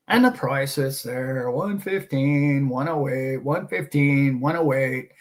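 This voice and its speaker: A man hosting a casual monologue, talking in an emphatic, preachy way and mocking his doubters. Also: fairly high pitch. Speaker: host.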